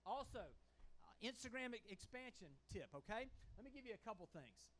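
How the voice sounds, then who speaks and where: A man's voice: high-pitched, big pitch swings, moderate pace, a bit bright, slight background noise. A man presents at a conference with a folksy, emphatic manner, often checking in with the audience. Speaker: conference panelist. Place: conference hall stage. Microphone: handheld microphone.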